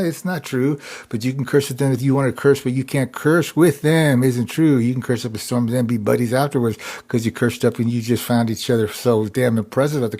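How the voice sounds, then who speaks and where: A man's voice: medium pitch, dark tone. A man hosting a live stream, talking in a rambling, repetitive monologue that keeps circling back to "it's true.". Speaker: livestream host.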